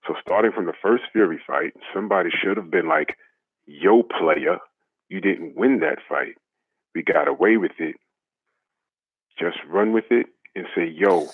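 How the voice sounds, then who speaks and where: A caller phones in to a talk show over a dry line, his voice deep, gravelly and husky with no echo. He rants in a fired-up, mocking and profane way.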